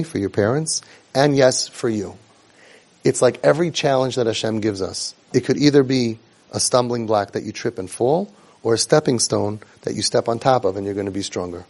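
A man's voice: medium pitch, darkish tone. A middle-aged man giving an earnest instructive talk to a group of young siblings, asking rhetorical questions, repeating phrases for emphasis and dropping Hebrew and Yiddish religious terms. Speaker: family support trainer.

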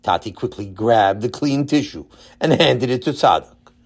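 A man narrating a children's story in a lively, animated voice. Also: mid-range voice, moderate pace.

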